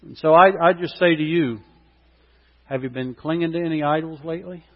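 A man preaches a sermon in a slightly higher voice, building to impassioned, loud peaks on his key points. His voice rings with a long hall reverb. The recording sounds dull and lo-fi. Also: brisk. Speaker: pastor.

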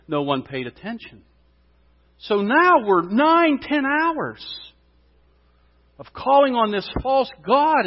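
A man preaching a sermon in church, telling a story with lively, rising exclamations. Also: sits high. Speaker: pastor. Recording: dull sound, long hall reverb.

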